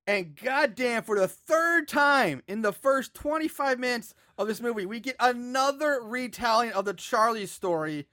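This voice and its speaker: A mid-pitched, animated voice that walks through a film's plot step by step, poking fun at its holes along the way. Laughter keeps breaking into the retelling. It is recorded close and dry. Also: moderate pace, hardly any pauses, no echo. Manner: storytelling, sarcastic, laughs often. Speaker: podcast host. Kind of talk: casual movie recap narration.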